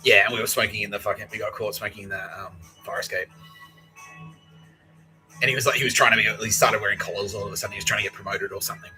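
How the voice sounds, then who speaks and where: A man's voice: lowish voice, fairly even intonation, quick pace, bright, forceful tone, soft background music, poor audio. An Australian man hosting a podcast, telling a rambling, profane story and acting out the people in it. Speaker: podcast host. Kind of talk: rambling comedic monologue.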